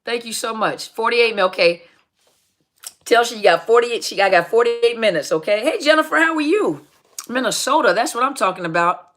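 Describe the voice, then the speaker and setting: Bright, upbeat woman greeting viewers. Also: a little high, animated, fairly quick. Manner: laughs often. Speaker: host of a live Q&A on narcissistic abuse. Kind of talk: casual live-stream chat.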